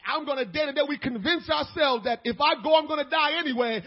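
A man preaching a sermon as pastor, dropping to quiet asides and building to shouted peaks. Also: very high-pitched, fast talker, few pauses, muffled recording.

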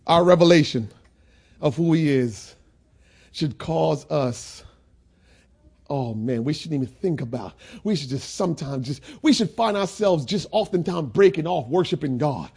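A man preaching a sermon in a church, swinging between shouted preaching and quiet talk. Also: a little high, lively intonation, measured pace, creaky, husky. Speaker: pastor. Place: church sanctuary.

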